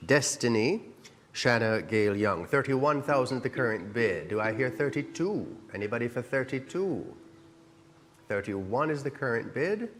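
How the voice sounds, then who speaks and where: A man's voice: mid-range voice, animated, moderate pace, a bit bright. A man working as auctioneer, coaxing bids in an upbeat, chatty way. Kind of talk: live charity auction calling. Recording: long hall reverb with music behind.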